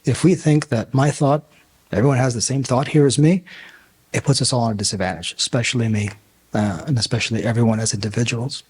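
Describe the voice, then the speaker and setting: A man speaking as a physician coach at a conference, conversational and lively, now and then acting out quoted dialogue in loud bursts. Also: medium pitch, fairly quick, breathy edge. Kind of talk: conference talk. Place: conference room.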